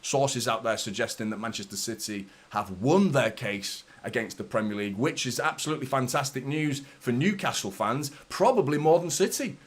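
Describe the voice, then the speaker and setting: Male fan-channel host, thirties, casual and rambling, mid-pitched voice. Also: expressive, moderate pace, few pauses, breathy edge. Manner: chatty, rambling, repeats "do you know what I mean". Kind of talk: casual vlog chat.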